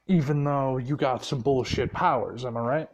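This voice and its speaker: A cocky young male hero coldly brushes off a rival, voiced by a man retelling a story. The delivery is flat and mocking, with casual swearing. It barely departs from an everyday speaking voice. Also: mid-range voice, moderate pace, natural voice.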